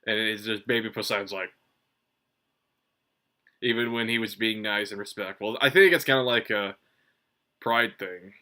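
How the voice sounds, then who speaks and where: Bright-voiced man rambling casually. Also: on the low side, moderate pace, pauses often. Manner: rambling, profane, many fillers and restarts. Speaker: manga reviewer. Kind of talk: casual solo review commentary.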